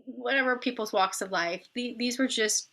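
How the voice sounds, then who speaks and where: A middle-aged woman casually recounting a personal story, animated and acting out the people she quotes. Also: fairly high pitch, normal speed. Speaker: vlogger telling a personal story.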